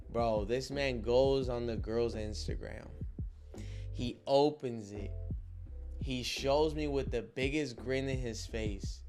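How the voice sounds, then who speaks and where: This young vlogger speaks at medium pitch and a moderate pace over soft background music. He narrates a story in an animated, slang-heavy way, regularly turning to listeners to confirm they're with him.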